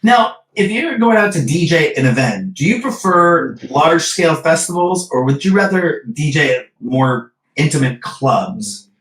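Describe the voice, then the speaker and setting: A man's voice: a little high, very animated, moderate pace, a bit bright. A man hosting an interview over a video call, asking direct questions in a conversational tone. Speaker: interview host. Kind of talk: casual interview chat. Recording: echoey and distant.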